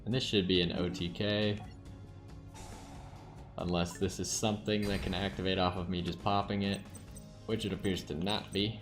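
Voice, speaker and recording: A man with a fairly low voice gives relaxed commentary, talking through his card game plays as he thinks them out. Faint game music plays under his voice. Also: moderate pace, pauses often. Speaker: gaming channel host.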